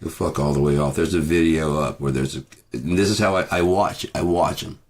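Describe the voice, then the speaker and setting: A man's voice: a bass voice, steady tone, a little fast, a little mellow. A man delivering a bitter, profane rant as a vlogger, repeating himself as he talks. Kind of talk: profane ranting monologue.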